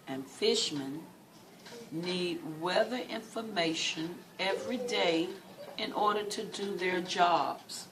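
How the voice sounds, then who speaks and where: Speaking a little slowly in a mid-range voice, a teacher leads a classroom reading lesson, patiently repeating questions and key words for students. She's far from the mic in a distant, noisy recording.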